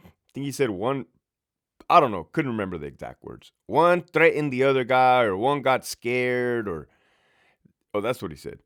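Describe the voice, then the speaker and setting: Profane, animated man telling prison stories. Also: mid-range voice, normal speed. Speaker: former prison lieutenant. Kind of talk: casual storytime monologue.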